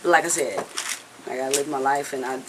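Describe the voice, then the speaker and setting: A woman's voice: extremely low pitch, fairly even intonation, fast, background noise. A woman in a candid, casual interview who talks earnestly and bluntly, rambling and often checking in with the listener. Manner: earnest, rambling, with frequent "you know what I'm saying"; blunt, occasional swearing. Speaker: singer being interviewed.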